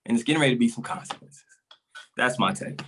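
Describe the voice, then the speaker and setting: A man's voice: medium pitch, quick pace, a bit bright, slight background noise. A man on a podcast, ranting with passion and repeating himself for emphasis, a little out of breath. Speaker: resident comic on podcast. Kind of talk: casual podcast chat.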